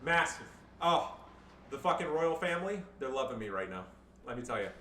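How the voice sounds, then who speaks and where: A man with a bright, edgy voice talks through his own match in fast, jokey, foul-mouthed game commentary, swinging from calm calls into excited outbursts. He sits a little back from the mic in a roomy, echoing space, with a faint hiss under him. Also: medium pitch, recorded from a distance. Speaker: gameplay commentator.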